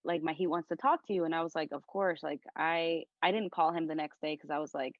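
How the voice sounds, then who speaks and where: A woman's voice: sits low, steady tone, fairly quick, dry recording. A young woman chatting as a podcast guest, speaking earnestly and from the heart, with lots of "like" in her talk. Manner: earnest, heartfelt, leans heavily on "like". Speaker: podcast guest, content creator. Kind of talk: casual conversation. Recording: dull lo-fi recording.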